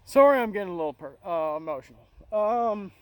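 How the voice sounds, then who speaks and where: A middle-aged man hosting a casual monologue, talking in an earnest, halting way with many restarts. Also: high voice, lively intonation, clean tone, no echo, poor audio. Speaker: channel host.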